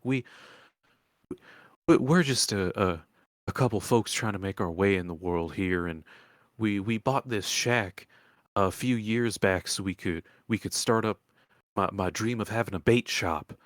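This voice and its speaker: A man's voice: lowish voice, measured pace, no echo, clean studio sound, close to an everyday voice. A man voicing a folksy older woman who runs a swamp bait shack, with a put-on Southern drawl and a rambling way of talking.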